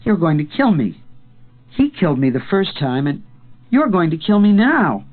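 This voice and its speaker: A man's voice: very animated, normal speed, soft background music. A man voicing a terrified pleading young boy. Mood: desperate pleading. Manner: high, pleading, rising to desperate cries. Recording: tinny phone-like sound.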